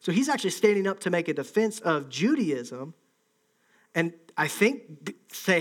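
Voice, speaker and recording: A man's voice: on the high side, big pitch swings, moderate pace. A man preaching a conversational sermon, acting out the voices of an angry crowd. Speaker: pastor.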